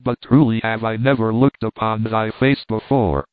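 A man's voice: fairly low pitch, flat delivery, moderate pace, smooth, no echo, natural voice. A man doing a proud young prince. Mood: gentle. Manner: formal and lofty. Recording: tinny phone-like sound.

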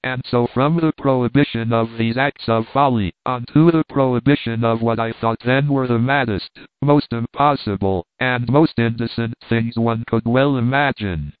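A man's voice: mid-range voice, normal speed, hardly any pauses, clear, resonant tone, dry recording. Man narrating over a tinny line. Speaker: audiobook narrator. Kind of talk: scripted narration. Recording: tinny phone-like dry recording.

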